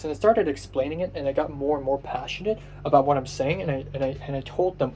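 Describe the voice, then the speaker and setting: A man's voice: fairly high pitch, brisk, hardly any pauses, darkish tone, slight background noise. A young man rambling through a casual personal vlog monologue, self-mocking, with many fillers and restarts. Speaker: vlogger.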